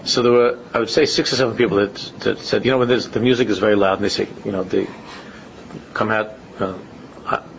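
Gravelly man giving a repetitive religious talk. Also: fairly low pitch, steady tone, brisk, slight background noise. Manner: repetitive, restates phrases, rises to emphatic questions. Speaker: religious speaker. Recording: muffled lo-fi recording.

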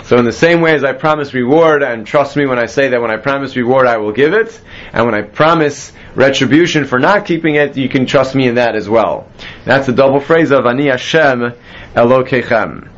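A man's voice: medium pitch, fairly quick, fairly bright tone, highs cut off. Man teaching a Bible class. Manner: explains step by step, quizzes students. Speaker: Torah teacher.

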